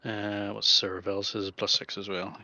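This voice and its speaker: A man's voice: on the low side, level tone, moderate pace, heavy background noise. A man playing in a tabletop game, chatting casually and playfully. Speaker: player. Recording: dull lo-fi, dry sound.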